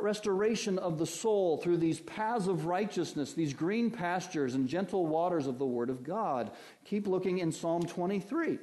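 Slow, mellow-voiced preacher man. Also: high-pitched. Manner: preaching with swells of emphasis and slow drawn-out phrases. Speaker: pastor. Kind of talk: sermon.

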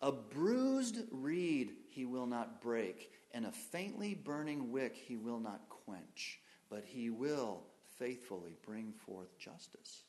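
Guy preaching a sermon, mid pitch voice, asks the room questions, goes loud then drops real quiet. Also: very animated, slow pace, few pauses. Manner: asks the congregation questions, swings between loud emphasis and quiet. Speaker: pastor.

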